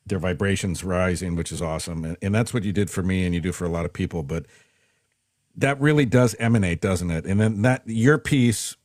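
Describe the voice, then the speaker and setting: A man's voice: low-pitched, brisk, a little mellow, no room sound, studio quality. A man hosting a casual interview, reflective and searching for his words, often restarting sentences. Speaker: podcast host.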